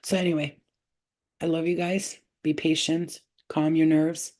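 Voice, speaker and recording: Woman host for a casual spiritual livestream. Lowish, mellow voice. Rambling, slangy and profane, warmly devoted to viewers. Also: level tone, unhurried. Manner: affectionate toward viewers, often saying she loves them. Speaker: spiritual reader hosting a livestream.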